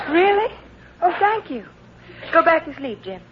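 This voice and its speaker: A woman's voice: very high-pitched, exaggerated voice. An actress playing a playful wife in a radio comedy who teases and coaxes her husband. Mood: sleepy. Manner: playful, coaxing, light. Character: teasing young wife, playful and persistent. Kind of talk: 1940s radio comedy acting. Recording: dull old radio recording with faint hiss.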